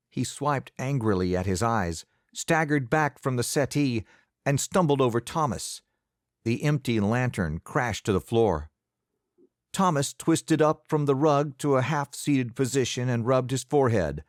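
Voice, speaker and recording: A man narrating an audiobook in the first person, measured and expressive. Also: mid-range voice, dry recording, clean studio sound.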